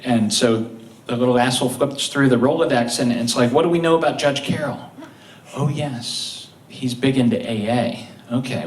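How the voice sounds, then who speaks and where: A man's voice: mid-range voice, a little hiss or hum. A man with an Ohio accent telling a funny true story on a live stage, talking casually, poking fun at himself and acting out the lines of the people in it. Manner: conversational, self-deprecating, acts out quotes. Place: live stage before an audience. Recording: roomy live venue, picked up from a distance.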